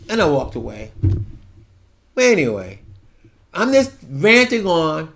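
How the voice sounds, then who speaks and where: Rambling, high-voiced man in his seventies. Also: very animated, a little slow, a little hiss or hum. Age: 70s. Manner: ranting, digressive, swings from soft asides to loud outbursts. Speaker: vlogger. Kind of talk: rambling monologue to camera.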